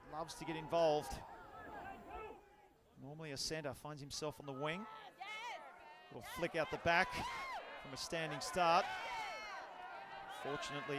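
A man with an Australian accent calling a live rugby match as play-by-play commentator, energetic and rising to shouts on big plays. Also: on the high side, heavy background noise. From Sydney, Australia.

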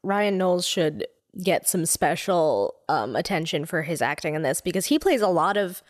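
A woman co-hosting a podcast, chatting casually about a musical with plenty of fillers and a lively, rising delivery. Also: lowish voice, moderate pace. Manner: chatty, lots of fillers and upspeak, animated. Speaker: podcast co-host. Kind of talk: casual chat.

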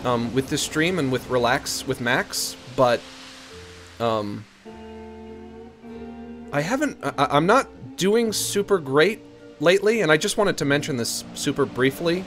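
A man's voice: fairly high pitch, animated, a little slow, long pauses, fairly bright tone, faint music behind. A man chatting casually on a live stream in a playful, rambling, joking way.

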